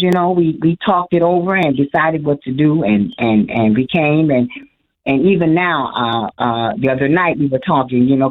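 Older woman caller, from Illinois, rambling and emotional, heard over a thin phone line. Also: deep voice. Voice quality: emotional, rambling with many restarts. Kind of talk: call-in radio conversation.

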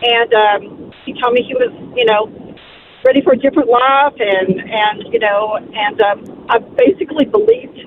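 A woman's voice: a little high, expressive, background noise. Tearful woman caller on a tinny phone line. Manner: halting, hesitant. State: holding back tears. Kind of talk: call-in conversation.

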